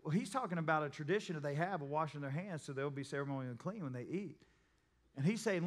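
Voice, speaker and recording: A man's voice: on the high side, animated, fast talker. A man preaching a sermon as a pastor, talking in a conversational, storytelling way and acting out the people in his stories. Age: adult, a parent. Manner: conversational storytelling, acts out voices. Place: church sanctuary. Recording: long church reverb, faint music.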